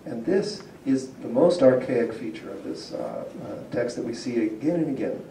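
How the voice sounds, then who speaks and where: Dark-voiced man lecturing in a roomy hall. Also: mid-range voice, sing-song, normal speed, vocal fry, slight background noise. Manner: explanatory, asks the audience questions, chuckles often. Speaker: university linguistics lecturer. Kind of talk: public lecture to a community audience. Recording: roomy hall picked up from a distance.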